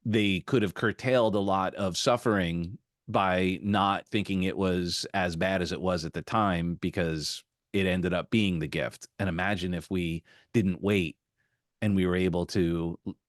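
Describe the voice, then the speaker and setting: A man hosting an interview podcast over a video call, musing and telling stories in a relaxed conversational way. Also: deep voice, unhurried, no echo, studio quality. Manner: reflective, storytelling with acted quotes. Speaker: podcast host.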